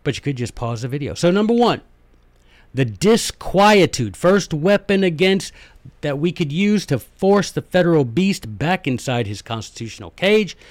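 A man's voice: on the high side, lively intonation, moderate pace, no echo. Folksy Southern man lecturing, dry sound. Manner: chatty, digressive, emphatic asides. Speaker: host.

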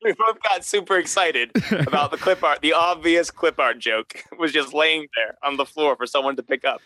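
A man co-hosting a podcast in casual chat, earnest and explanatory and quick to laugh, speaking over a remote call. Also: fairly high pitch, bright, forceful tone, dry recording, rough recording. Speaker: podcast co-host. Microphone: remote call mic.

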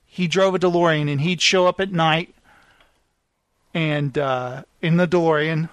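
A podcast host telling a self-deprecating story in casual chat, animated and apologetic in tone. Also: male voice, fairly high pitch, a little slow, clear, resonant tone, dry recording.

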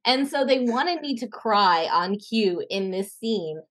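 A young woman, an actress and podcast guest, chatting casually and telling animated stories, acting out the voices she quotes and laughing often. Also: medium pitch, slow pace. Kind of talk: casual interview chat.

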